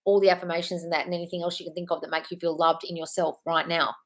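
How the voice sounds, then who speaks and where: A thirties manifestation coach hosts a casual live Q&A stream from home, her voice lowish, fairly flat in pitch, rapid-fire and slightly bright. She answers viewer comments in a chatty, reassuring way, calling people darling and swearing now and then.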